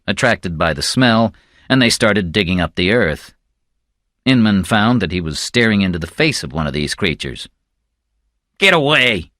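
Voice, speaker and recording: Male audiobook narrator, low and somber, slow measured read, dry close recording. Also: a bit bright, dry recording.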